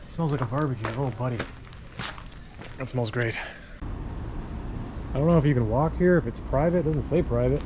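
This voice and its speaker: With a mid-range voice, a moderate pace and long pauses, a travel vlogger chats casually to his camera on a walk. He thinks aloud along city streets and hill paths, with street and traffic noise heard behind him.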